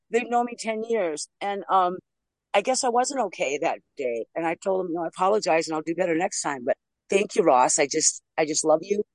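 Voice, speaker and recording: A woman's voice: lowish voice, expressive, normal speed, no echo, poor audio. A woman from the United States speaking at a recovery meeting over a video call, earnest and supportive, laughing easily. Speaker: meeting member.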